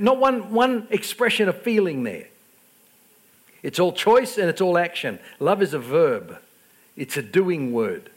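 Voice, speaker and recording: A middle-aged man preaching a sermon, telling self-deprecating stories with stammered restarts and swinging between loud outbursts and quiet asides. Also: a little high, very animated, slow pace. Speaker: pastor.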